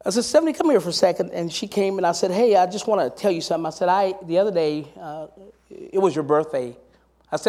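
High-voiced man preaching a sermon. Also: lively intonation, fast, a little mellow. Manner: storytelling, rising to emphatic exhortation. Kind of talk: sermon with personal stories.

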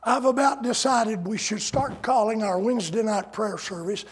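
A man preaching a folksy, sarcastic sermon that builds to shouted climaxes. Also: high voice, moderate pace, hardly any pauses, husky.

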